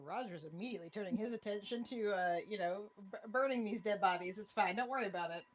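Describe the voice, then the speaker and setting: A woman player describing her character's actions at a tabletop game, giggly and animated. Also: medium pitch, fast, a little hiss or hum.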